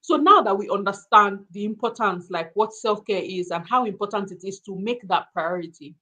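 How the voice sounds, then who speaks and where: A woman from Africa hosting a casual interview, asking her guest questions in an animated way. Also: medium pitch, moderate pace. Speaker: host.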